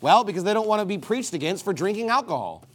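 A man's voice: high-pitched, big pitch swings, fast talker. A man in his thirties preaching a fiery sermon, emphatic, with sudden swings in volume and pace. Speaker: pastor.

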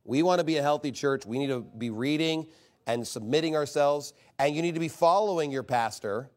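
A man's voice: fairly high pitch, brisk, darkish tone. A man preaching a sermon as pastor, emphatic and rhetorical, mocking objections in quoted voices.

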